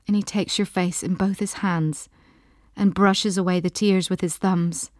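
A woman reading a story in the second person, soft and intimate, sometimes dropping into a whisper. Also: fairly low pitch, steady tone, a little slow, dry recording, studio quality. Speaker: narrator.

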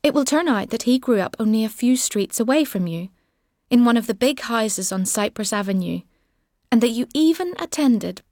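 A woman reading a literary story in the second person, measured and wry, with soft, lingering phrasing. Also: a little high, dry recording, studio quality. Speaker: audiobook narrator.

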